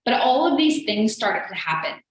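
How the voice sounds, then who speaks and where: A woman's voice: on the high side, big pitch swings, normal speed, slight background noise. Earnest woman coach in an echoey room. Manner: chatty and earnest, heavy use of "like". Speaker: business coach hosting a live show. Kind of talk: motivational live-stream talk.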